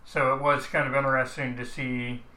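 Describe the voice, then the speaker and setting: A man's voice: mid-range voice, little pitch movement, normal speed, pushed and bright. A man co-hosting a podcast, giving a thoughtful, rambling film review in casual chat. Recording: roomy, echoey room sound.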